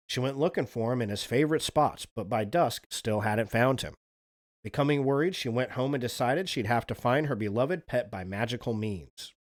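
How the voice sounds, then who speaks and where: Chatty man telling spooky legends. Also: mid-range voice. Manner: relaxed, chatty, swears casually. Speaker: streamer, host. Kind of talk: casual storytelling on a livestream.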